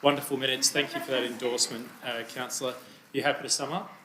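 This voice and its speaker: A man chairing a council committee meeting, brisk, procedural and polite. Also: mid-range voice, level tone, noisy background. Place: council chamber. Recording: roomy chamber sound.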